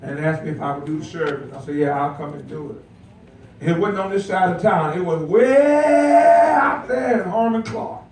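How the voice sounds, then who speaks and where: A man's voice: high voice, animated, moderate pace, darkish tone. An older man preaching a sermon as pastor, folksy and joking, calling out to the congregation for responses. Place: church sanctuary. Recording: echoey church heard from far off.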